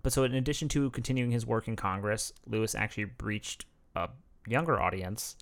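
Relaxed and chatty, a male podcast co-host reads facts aloud and tosses in laughing asides during casual conversation. His voice sits on the low side, fairly quick, with a creaky texture.

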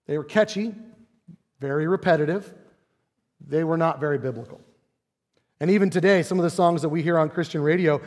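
Pastor in his forties, conversational sermon delivery with rhetorical asides, slightly raised pitch, reverberant sanctuary. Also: darkish tone. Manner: conversational preaching with rhetorical questions and playful asides. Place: church sanctuary.

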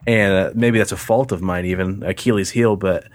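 A man with a lowish voice trades stories in a loose, profane way on a podcast. He jumps into other people's voices when he quotes them. The sound is close and dry, with no room around it. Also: normal speed, no echo. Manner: profane, animated storyteller acting out quoted voices. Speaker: podcast co-host. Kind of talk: casual chat.

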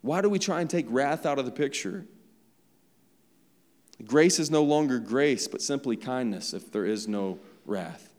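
A man's voice: mid-range voice, animated, a little slow, darkish tone. A young man preaching a sermon to his church in a loose, conversational way, tossing in "right?" and "like" as he goes. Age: young adult. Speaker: pastor. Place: church sanctuary. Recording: long reverb of a large hall.

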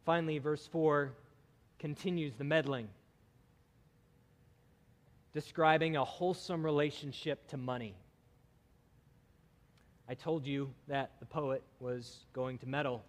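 A man's voice: a little high, fairly even intonation, measured pace, pauses often. Man preaching in an echoing sanctuary. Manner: emphatic, building in intensity through lists. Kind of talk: sermon. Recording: long hall reverb.

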